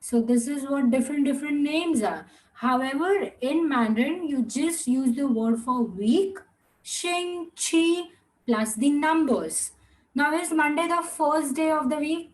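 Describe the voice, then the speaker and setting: A young woman teaching an online class, repeating words slowly and patiently and slipping into another language now and then. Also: high voice, low-quality recording.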